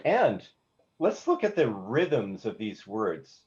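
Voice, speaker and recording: A very animated songwriting instructor with a lowish, slightly mellow voice speaks slowly as he explains note values, hesitating and restarting words while singing rhythms out on "da." This live classroom demonstration is in a slightly dull, lo-fi recording, with instruments playing faintly in the background.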